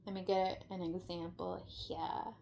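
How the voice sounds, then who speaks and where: A woman's voice: fairly low pitch, flat delivery, measured pace, dark tone, slight background noise. A woman giving a casual tarot reading, rambling and emphatic, full of fillers and swearing. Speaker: tarot reader.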